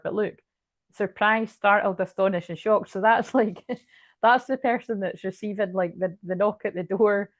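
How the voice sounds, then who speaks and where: In a dry recording, a tarot reader with a mid-range voice chats her way through a casual reading. She rambles, restarts and swears.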